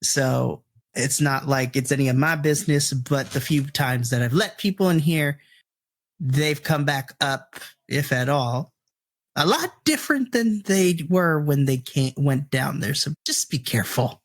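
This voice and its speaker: A man's voice: on the high side, animated, measured pace. A man voicing a wary middle-aged male tavern keeper who gives dry, matter-of-fact warnings in a tabletop game. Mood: cautious.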